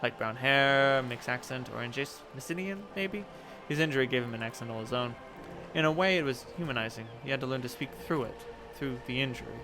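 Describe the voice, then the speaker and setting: A man reading aloud as a composed middle-aged woman envoy, in a measured, formal and diplomatic way. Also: medium pitch, over music, close to an everyday voice. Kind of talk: reading game dialogue aloud.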